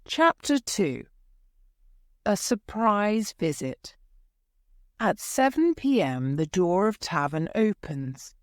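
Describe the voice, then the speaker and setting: A woman narrating a graded-reader story with slow, careful reading. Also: medium pitch, big pitch swings, dry recording, studio quality.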